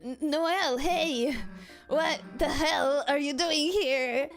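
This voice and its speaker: A woman voicing a gruff, blunt teenage monster girl from a video game, in a lower, teasing drawl. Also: slow pace, faint music behind.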